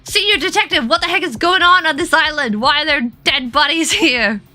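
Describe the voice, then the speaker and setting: A jittery young detective from a murder-mystery game, played by a woman reading his lines aloud blurts out alarmed, breathless questions. The voice sits high and sounds bright and sharp. Soft music plays behind. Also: brisk.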